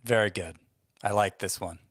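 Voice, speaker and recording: A man's voice: fairly low pitch, fairly even intonation, moderate pace, fairly bright tone, no room sound, studio quality. A man co-hosting a sports podcast in casual chat, making wry, understated remarks. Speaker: fantasy baseball podcast co-host.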